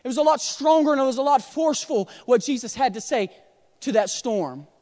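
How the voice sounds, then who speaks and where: A man with a very high voice preaches in a church sanctuary, his words trailing off into a long reverb. He drops to a near hush to tell a story, then rises to shouted calls to the congregation. It is a sermon delivered with dramatic swings in volume. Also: lively intonation, a little fast. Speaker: pastor.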